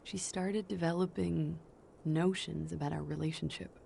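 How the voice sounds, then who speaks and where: A woman's voice: sits low, steady tone, moderate pace, gravelly, mellow, a little hiss or hum. A woman voicing a young female fugitive under questioning in a video game, with a tired, guarded and evasive manner. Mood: confessing.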